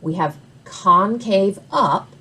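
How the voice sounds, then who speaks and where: A woman's voice: mid-range voice, slow, sharp tone, slight background noise. A woman recording a math lesson, explaining step by step with patient "all right?" check-ins. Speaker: math instructor.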